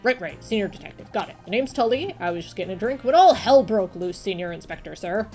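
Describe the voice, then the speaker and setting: A woman voicing a dim, boastful male bodybuilder who talks loud and stammers. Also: mid-range voice, expressive, quick pace, soft background music, natural voice. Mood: eager.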